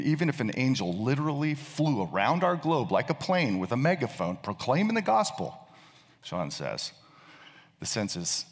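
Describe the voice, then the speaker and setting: A male pastor preaching a sermon, telling a story and often repeating words as he thinks. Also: on the low side. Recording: long reverb of a large hall.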